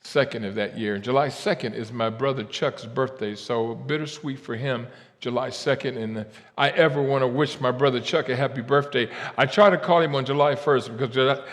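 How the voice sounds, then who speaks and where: A man from Ohio giving a keynote faith talk, swinging from quiet asides to shouted, drawn-out declarations. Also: medium pitch. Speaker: keynote speaker. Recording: long hall reverb.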